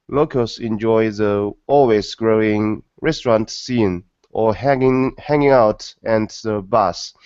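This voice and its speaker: Man slowly reading aloud, a native Chinese speaker. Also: medium pitch, darkish tone, clean tone, no echo. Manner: halting, slow, stumbles over numbers. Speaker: student. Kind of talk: reading aloud in a language class. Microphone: video call. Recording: dull dry video call audio.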